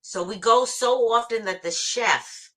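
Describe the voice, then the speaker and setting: A woman's voice: a little high, a little slow, bright, forceful tone. A woman from New York with a New York accent, chatting casually as a guest on a live stream about her everyday outings.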